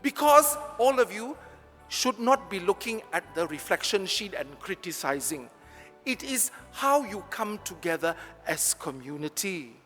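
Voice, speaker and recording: Man, Malaysian English accent, priest's homily, joking with the congregation, high voice, long church reverb. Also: very animated, unhurried, a bit bright, soft background music. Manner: chatty, joking, talks straight to the congregation. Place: large church.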